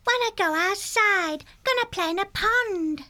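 A man's voice: very high voice, unhurried, pushed and bright, voice pushed up, heavily acted. A man voicing a restless, whining little squirrel babe in babyish speech. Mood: whiny. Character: small whiny young squirrel babe, restless.

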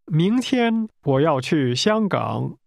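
A man with a gravelly voice modeling phrases for a language course, carefully enunciated. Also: on the high side, sing-song, slow, no room sound, studio quality. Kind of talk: slow model pronunciation.

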